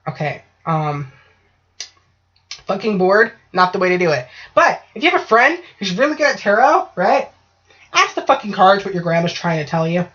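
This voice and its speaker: A woman's voice: mid-range voice, big pitch swings, normal speed, a bit bright. Swearing, jokey woman on a dull recording. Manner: swearing, loose and jokey, frequent "right?". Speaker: podcast co-host. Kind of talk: casual chat. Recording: dull lo-fi podcast audio.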